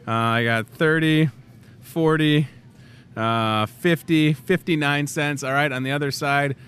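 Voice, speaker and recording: His voice is fairly high, smooth and a little slow. On a grocery store set, the thirty-something man hosts a live in-store talk show, joking animatedly and wandering through asides.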